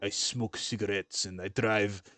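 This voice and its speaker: A man voicing a gruff, chain-smoking Russian man with a Russian accent and a deepened, gravelly voice. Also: fairly even intonation, a little slow, fairly bright tone. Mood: boastful.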